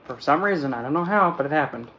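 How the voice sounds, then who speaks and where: A man's voice: fairly high pitch, expressive, fast, pushed and bright, lo-fi sound, a little hiss or hum. A man chatting casually and playfully about tarot decks, rambling as he goes. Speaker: tarot deck reviewer. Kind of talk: casual chat.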